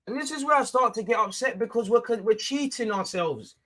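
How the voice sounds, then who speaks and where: Excitable fan yelling at the ref. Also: male voice, very high voice, fairly quick. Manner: excitable, shouts at the ref, drops to mutters. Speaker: fan watchalong host. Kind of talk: live football watchalong commentary.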